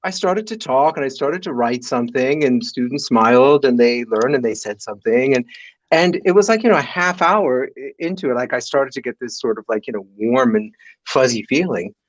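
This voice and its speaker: A man talking as a guest on a live podcast, telling his stories in a lively way with many fillers and restarts. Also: medium pitch, moderate pace, no room sound, lo-fi sound. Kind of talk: animated storytelling in a live podcast.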